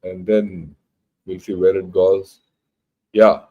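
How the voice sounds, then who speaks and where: A low, flat, slow voice comes through thin, tinny audio: an older man with an Indian accent, a retired general and host of a channel. He reads news and chats bluntly and with emphasis, frequently starting over mid-thought.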